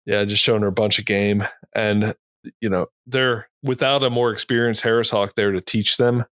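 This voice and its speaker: This is a man cohosting a podcast who talks in a low, easygoing register. He rambles through a story in a casual way and laughs at his own tales. The sound is close and dry, with no room around it. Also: fairly even intonation, moderate pace, fairly bright tone, no echo.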